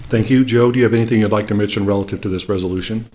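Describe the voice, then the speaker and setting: A man's voice: lowish voice, steady tone, darkish tone, a little hiss or hum. A man serving as mayor, chairing a city council meeting in a formal, procedural way, speaking into a desk microphone in the council chamber. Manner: brisk, procedural, with frequent fillers.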